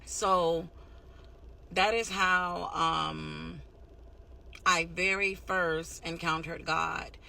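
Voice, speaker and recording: A woman's voice: fairly low pitch, fairly even intonation, extremely slow, gravelly, pauses often, bright, forceful tone. Woman, heartfelt testimony speaker; intense, pressed tone, casual rambling delivery. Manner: candid, heartfelt, rambling with fillers and restarts.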